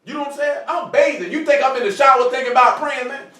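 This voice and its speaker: A man's voice: very high-pitched, fast, pushed and bright. A man teaching an informal sermon, conversational and repetitive, often asking his listeners if they follow him. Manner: conversational, repeats "you know what I'm saying". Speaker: preacher. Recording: echoey room from far off.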